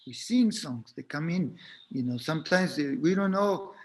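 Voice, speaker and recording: A man with a notably high-pitched voice shares a reflective spiritual talk as a teacher. His delivery is gentle and unhurried, with frequent pauses and repeated words as he finds his way through each thought. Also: animated.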